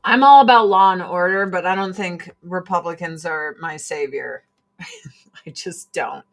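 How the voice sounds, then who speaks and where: A woman's voice: fairly low pitch, unhurried, slight background noise. A woman hosting a casual livestream, swearing freely and mimicking people in mocking voices as she rants and shows products. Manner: profane, animated, mocking voices in quotes. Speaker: livestream host selling products.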